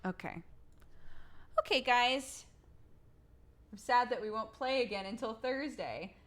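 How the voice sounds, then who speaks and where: A woman's voice: a little high, lively intonation, takes it slowly, a bit bright. Giggly woman streamer with a sore throat. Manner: giggly, casual swearing. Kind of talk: casual stream chat.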